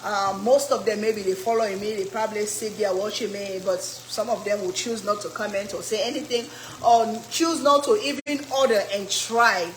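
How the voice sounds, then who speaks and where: A woman's voice: medium pitch, steady tone, normal speed, slight background noise. A middle-aged woman from Africa, hosting a cooking channel and chatting with viewers by name as she cooks. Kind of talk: casual live cooking chat. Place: home kitchen. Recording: echoey kitchen with sizzling oil.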